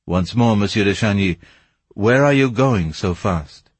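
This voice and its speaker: A man voicing a grave, secretive Persian who speaks slowly and in a measured way. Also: lowish voice, animated, breathy edge, no echo.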